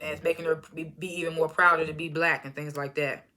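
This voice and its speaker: A woman with a low, fairly flat voice talks quickly in a pushed, bright tone. She's casually recapping a reality show episode, laughing often as she retells scenes and acting out the cast's lines in loose, slangy storytelling.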